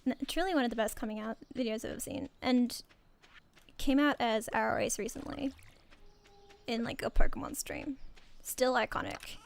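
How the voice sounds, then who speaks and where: Young Australian woman streamer: high, smooth voice, giggly rambling chat over gameplay. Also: normal speed. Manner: rambling, giggly, self-interrupting. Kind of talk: casual gaming stream chat.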